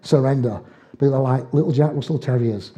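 A man's voice: medium pitch, a little fast, mellow. An older man preaching a sermon, telling homely stories in dialect with chuckles along the way. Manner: folksy storytelling with dialect and chuckles.

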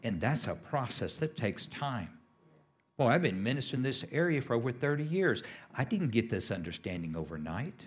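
A man's voice: medium pitch, sing-song, moderate pace, slight background noise. A middle-aged man preaching a sermon as a healing minister, emphatic and repetitive, with sudden rises on key phrases.

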